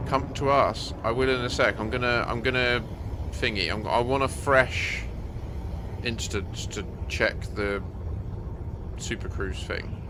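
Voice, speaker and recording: A man's voice: mid-range voice, fairly even intonation, a little slow, noisy background. A man casually chatting and rambling playfully while playing a space game with friends. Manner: rambling, playful, sings snatches. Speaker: game streamer. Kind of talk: casual gameplay chat.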